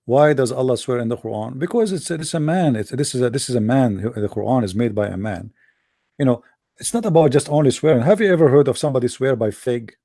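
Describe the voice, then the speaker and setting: Gravelly guy hosting a debate show, mocking and emphatic, repeats himself a lot. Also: medium pitch, expressive, fast, warm tone, no echo, clean studio sound. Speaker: host of an online debate show. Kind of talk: casual monologue to a live audience.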